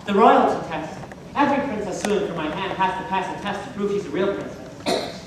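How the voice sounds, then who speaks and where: A woman's voice: mid-range voice, animated, brisk, close to an everyday voice. Young woman as a bashful prince, mid voice, distant and echoey. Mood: earnest. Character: sweet, shy lovestruck young prince. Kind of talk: school stage musical acting. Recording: echoey hall from far off, clear noise.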